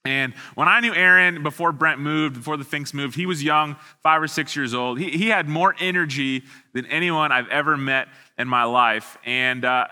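A man's voice: fairly high pitch, normal speed, hardly any pauses, pushed and bright, clear, resonant tone. A man, a student pastor preaching an online sermon in a casual, self-deprecating way with frequent restarts. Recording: long hall reverb.

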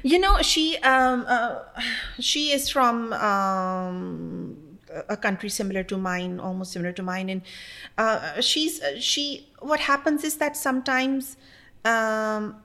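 A woman, a mother who is a guest on a podcast, tells a story in casual conversation, halting often with fillers and acting out what others said. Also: on the high side, pushed and bright. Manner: halting, with many fillers and quoted dialogue.

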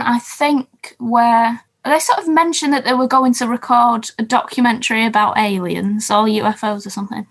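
A woman's voice: fairly high pitch, husky, rough recording. A woman co-hosting a podcast, recapping TV shows in casual, rambling chat and laughing often. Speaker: podcast co-host.

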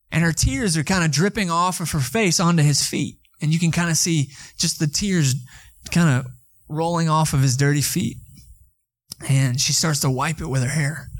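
A male pastor, preaching a conversational sermon and telling a story with lively asides to the congregation. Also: a little high.

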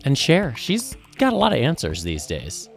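A man co-hosting a podcast in a casual chat, upbeat and expressive. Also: medium pitch, moderate pace, gravelly, faint music behind. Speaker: podcast co-host.

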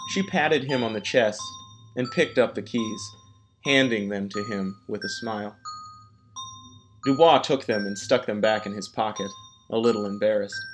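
A man reading a story aloud as narrator, in a measured, even storytelling manner. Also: lowish voice. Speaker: audiobook narrator. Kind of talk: scripted narration. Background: background music.

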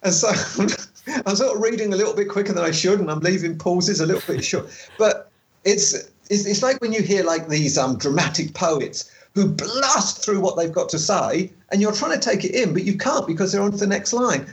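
A man with a fairly high speaking voice chats on a podcast. He is animated and laughs easily. When he reads aloud he slows into a careful, measured delivery. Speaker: podcast co-host and travel author. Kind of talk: casual podcast chat.

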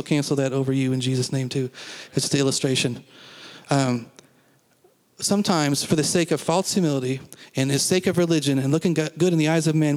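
Male pastor, mid-high voice, emphatic sermon delivery with call-outs to the room, reverberant hall. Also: a little mellow. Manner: emphatic, repeats phrases, asks the congregation questions. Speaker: preacher. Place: church.

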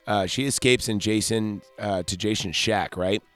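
A man's voice: lowish voice, normal speed, a bit bright, clean tone, soft background music. A man hosting a podcast, recapping a horror movie in a rambling, joking way with lots of fillers. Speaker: podcast host.

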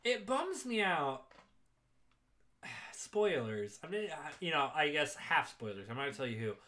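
Young male co-host, bright, slightly high voice, profane and animated movie-recap chat. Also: moderate pace. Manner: profane, laughing, animated retelling with quoted voices. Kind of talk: casual chat.

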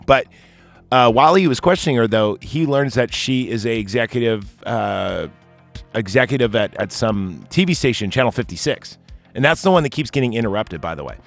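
A man's voice: medium pitch, animated, fairly quick, faint music behind. A man recapping a movie in casual podcast chat, telling the plot in a rambling, profane way with lots of fillers. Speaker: podcast co-host recapping a film.

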